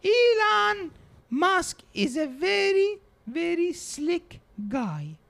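A man voicing a doting, blunt 84-year-old grandmother who speaks slow, broken English in an improvised comedy podcast bit. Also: very high voice, very animated, gravelly, fairly bright tone, voice pushed up, heavily acted. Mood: teasing.

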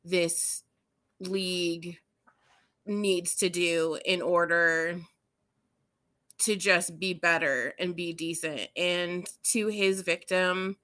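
A woman co-hosting a casual sports chat, speaking slowly and deliberately. Her voice is bright and sharp, earnest and opinionated. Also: on the low side. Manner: earnest, opinionated, laughs easily. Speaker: podcast co-host.

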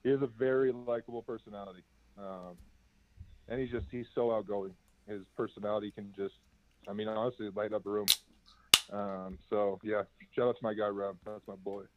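A man's voice: fairly low pitch, steady tone, moderate pace, no echo. Brief: young male ex-athlete guest, easygoing and rambling, heard through a tinny call line. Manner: laid-back, chatty storytelling with many fillers. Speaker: former college basketball player, guest. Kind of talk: casual interview answers. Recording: tinny phone-like line, dry.

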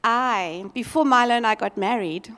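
A woman preaching a sermon as a lively, expressive storyteller. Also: a little high, normal speed, long reverb tail.

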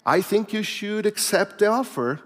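A man's voice: high voice, expressive, moderate pace. A man doing a put-on British accent as a polite, concerned female flight attendant. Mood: courteous. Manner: courteous, soft-spoken, formal. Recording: long reverb of a large hall.

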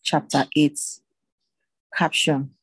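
A reader narrating scripture in a steady, even way. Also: medium pitch, takes it slowly, husky, no echo, poor audio.

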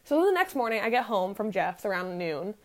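A woman's voice: mid-range voice, sing-song, fairly quick. Candid young woman rambling through a story. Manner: candid, profane, rambling with many fillers. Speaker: podcaster. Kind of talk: casual storytelling.

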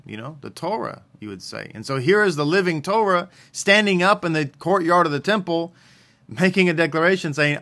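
A man's voice: fairly high pitch, lively intonation, a little fast, bright, forceful tone. A man giving a religious teaching in a conversational way, often asking questions and then answering them himself. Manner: conversational, asks and answers his own questions.

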